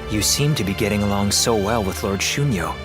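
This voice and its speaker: A man's voice: on the low side, a little fast, natural voice. A man voicing a polite court strategist. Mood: courteous. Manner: formal, polite, persuasive. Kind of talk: game voice acting. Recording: game audio with loud music.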